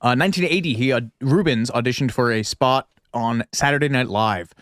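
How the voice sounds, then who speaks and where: A man's voice: mid-range voice, brisk, a bit bright, dry recording. Chatty male podcast co-host, dry sound. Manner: chatty, joking asides, reads out facts. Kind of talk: casual podcast chat.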